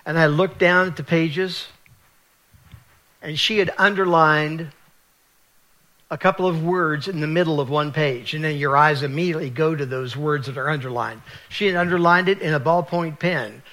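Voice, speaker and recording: A man from West Virginia with a slightly high, bright and forceful voice, recounting his faith testimony. He speaks in an earnest, confessional way. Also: moderate pace.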